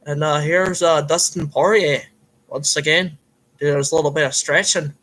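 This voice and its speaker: A man's voice: on the high side, steady tone, moderate pace, fairly bright tone, voice pushed down, poor audio. A man voicing a self-styled Irish fight commentator with a put-on, slightly off Irish accent, in comic play-by-play that is hammy and full of rambling fillers. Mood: mock-formal. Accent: put-on Irish, admittedly a bit off.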